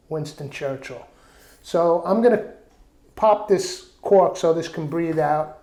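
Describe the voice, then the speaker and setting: A man's voice: fairly high pitch, slow pace. Chatty man in an echoey room. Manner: relaxed, chatty, reads a quote aloud. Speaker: vlogger. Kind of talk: casual chat.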